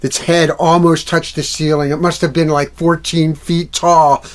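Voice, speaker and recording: A man telling a fairy tale to children at a library event, acting out the characters and sound effects with lively energy. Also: a little high, a little slow. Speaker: musical storyteller. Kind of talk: storytelling for children.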